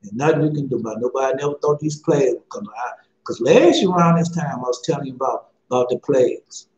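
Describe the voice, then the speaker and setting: A man's voice: medium pitch, lively intonation, quick pace, a little mellow. A man preaching an impassioned sermon in a casual, pleading way, repeating himself often. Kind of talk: impassioned street-style sermon. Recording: echoey, muffled, slightly noisy recording.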